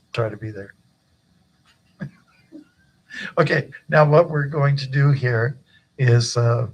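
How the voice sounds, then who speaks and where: A man's voice: mid-range voice, low-quality recording. An older man, a guru, giving an informal initiation talk at a temple gathering, chatty and joking with many fillers.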